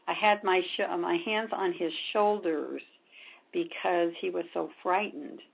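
Woman storyteller, low-pitched gravelly husky voice, lo-fi recording. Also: unhurried. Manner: retells events with quoted dialogue, many ums. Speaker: spiritual healer guest. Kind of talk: storytelling in a conversation. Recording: dull lo-fi sound.

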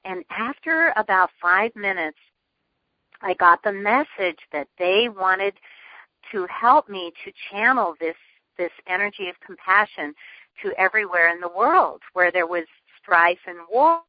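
A woman guest telling a personal story in an interview, earnest and lively, laughing often. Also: medium pitch, measured pace, dry recording. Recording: dull lo-fi phone line.

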